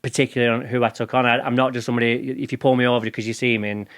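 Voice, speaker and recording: A man's voice: medium pitch, flat delivery, very fast, a bit bright. A middle-aged man from England, a guest chatting casually in an interview, telling stories in informal slang. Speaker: podcast guest, lawn care expert.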